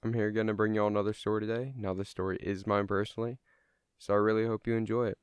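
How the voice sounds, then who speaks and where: Young man, low voice, smooth, dry close sound, rambling casual storytelling, swears freely. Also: little pitch movement, quick pace, no room sound. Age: young adult.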